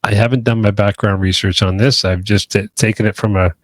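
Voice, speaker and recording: A man's voice: fairly low pitch, steady tone, a little fast, dry recording. A man co-hosting a podcast, chatting casually and rambling with hedges and restarts. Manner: rambling, hedging, many restarts. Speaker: podcast co-host.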